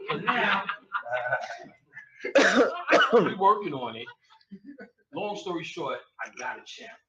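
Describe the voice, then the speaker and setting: A man telling crude comic stories to a live audience, cursing freely and laughing and shouting at his own punchlines. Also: mid-range voice, slight background noise. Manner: heavy profanity and slang. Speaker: comedic storyteller. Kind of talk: live stand-up style storytelling. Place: lecture room with an audience. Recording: echoey room, distant lo-fi mic.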